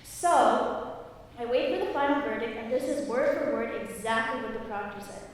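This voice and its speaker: A young woman from Maryland does stand-up, her voice pitched high and bouncing off a big echoing hall. She tells her story with animated energy and belts out the quoted lines, heard from a distance with faint room noise under it. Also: moderate pace. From Maryland, USA. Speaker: stand-up comedian. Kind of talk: stand-up comedy set. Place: comedy stage in a hall.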